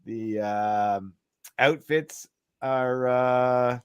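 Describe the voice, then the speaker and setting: A man's voice: medium pitch, extremely slow, clean tone, no room sound, dull audio. A Canadian man co-hosting a sports chat, talking with emphatic enthusiasm and piling up vivid lists. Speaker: podcast co-host. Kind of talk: casual chat.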